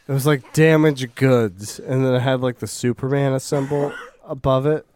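A man co-hosting a podcast in casual chat, with a deadpan, dry humor. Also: medium pitch, normal speed, hardly any pauses, clean tone, no echo. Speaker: podcast co-host.

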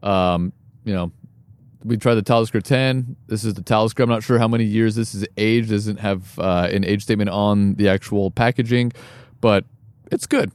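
A man's voice: on the low side, fairly even intonation, normal speed, darkish tone, smooth, no echo. A man co-hosting a casual podcast, talking with many fillers and restarts. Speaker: podcast co-host. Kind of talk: casual chat.

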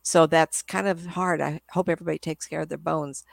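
A woman's voice: low-pitched, steady tone, a little fast, gravelly, dry recording. An older woman, a psychic medium guest, telling rambling stories in a casual interview. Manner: rambling, chatty storyteller.

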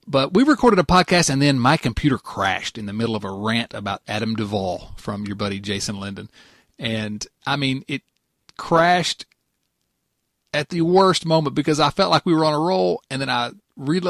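A man's voice: mid-range voice, animated, normal speed, fairly bright tone, no room sound, clean studio sound. A man hosting a casual podcast, rambling and laughing often as he tells a story. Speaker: podcast host.

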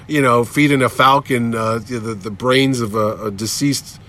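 A man, a podcast host, chatting casually and telling animated stories, acting out other people in shifting voices. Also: mid-range voice, moderate pace. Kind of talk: casual chat, animated storytelling.

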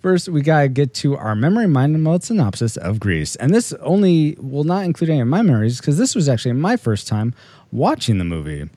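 Man, podcast host, lively pitch, mellow tone, dry close sound, playful. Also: fairly quick, dry recording. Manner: playful, jokey, reads segment intros. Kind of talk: casual chat with scripted segments.

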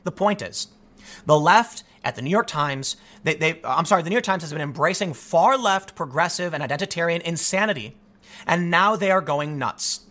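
A man with a bright, fairly high voice talking through the news on his own. His pitch swings widely as he reads quotes and cuts in with sarcastic, emphatic remarks. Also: expressive, moderate pace. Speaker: political commentator. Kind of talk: solo commentary monologue.

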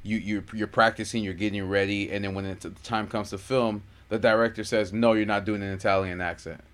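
Low-voiced man in casual podcast banter. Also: little pitch movement, brisk, a bit bright. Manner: laughing, teasing banter. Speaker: podcast co-host. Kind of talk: casual chat.

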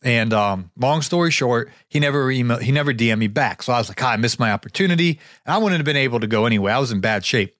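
A man's voice: medium pitch, expressive, fast talker, hardly any pauses, fairly bright tone, no echo, clean studio sound. A man hosting a podcast, telling a rambling story while getting over a sore throat with a cough drop in his mouth. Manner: rambling, many restarts and fillers. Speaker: podcast host. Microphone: podcast mic.

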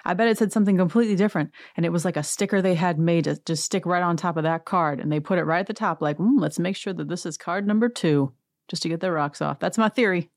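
Woman podcast host with a lowish voice, gossipy and wry, dry close recording. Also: fast talker, few pauses, no room sound. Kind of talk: casual reality-TV recap.

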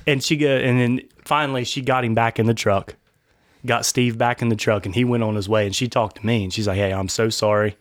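A man's voice: medium pitch, fairly even intonation, a little fast, no echo, clean studio sound. A man of about thirty, a podcast host, telling a story casually and acting out the quotes, often laughing. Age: 30s.

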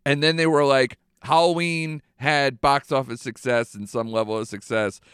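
A man's voice: mid-range voice, steady tone, moderate pace, fairly bright tone, smooth, no echo, studio quality. A man in casual podcast chat who agrees readily and chimes in often. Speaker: podcast co-host.

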